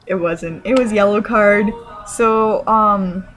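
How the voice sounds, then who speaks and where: A woman from Canada telling a story to her camera in an excited, rambling way, full of fillers and restarts. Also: medium pitch, takes it slowly, faint music behind, poor audio. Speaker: vlogger.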